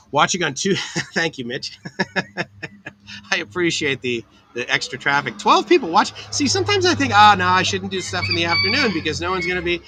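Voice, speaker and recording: A man's voice: mid-range voice, sharp tone, poor audio. A man hosting a casual livestream from a cafe, chatting upbeat with viewers and answering their comments by name. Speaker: livestream host. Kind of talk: casual live chat reading viewer comments. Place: outdoor cafe on a tropical island.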